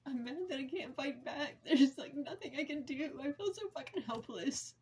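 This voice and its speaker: A woman's voice: sits high, lively intonation, slight background noise. Woman in her forties, blunt profane venting. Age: 40s. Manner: blunt and heavily profane, halting and emotional. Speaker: vlogger. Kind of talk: raw personal venting to camera.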